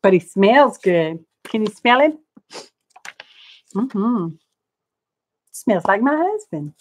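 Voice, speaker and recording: A woman's voice: medium pitch, sing-song, slow, pauses often, darkish tone, no room sound. A woman, chatting homily and rambling to her viewers as she works through a live craft demonstration. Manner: homey, rambling, talks to herself and viewers while working. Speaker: crafting channel host.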